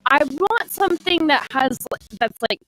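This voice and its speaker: A woman's voice: sits high, expressive, measured pace, a bit bright, dry recording, low-quality recording. A woman co-hosting a radio show, chatting in an easygoing, agreeable way. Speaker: studio co-host. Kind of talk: casual radio banter.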